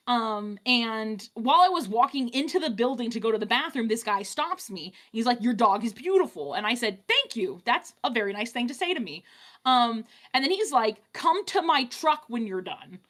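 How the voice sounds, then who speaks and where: A woman telling a story in casual chat on a live stream, animated, with many fillers and restarts. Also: on the high side, brisk. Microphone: streaming mic.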